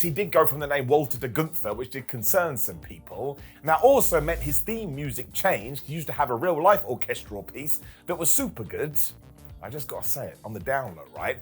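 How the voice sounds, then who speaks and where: A man's voice: mid-range voice, breathy edge. A man hosting a casual, jokey commentary video, talking to camera with playful asides. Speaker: wrestling commentary host.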